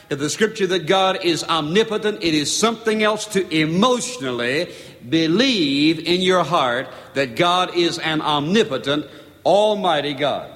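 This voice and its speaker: Emphatic preacher in an echoing sanctuary. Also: male voice, on the high side, fairly bright tone. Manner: slow, emphatic preaching, reads scripture with weight. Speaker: pastor. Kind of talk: sermon. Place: church sanctuary. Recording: long reverb of a church hall.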